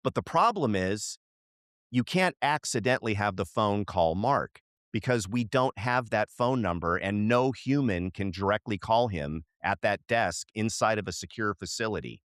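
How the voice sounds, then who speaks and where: Middle-aged male podcast co-host, low-pitched, animated storyteller who acts out the lines of people in his story. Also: normal speed, no room sound, clean studio sound. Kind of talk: casual storytelling chat.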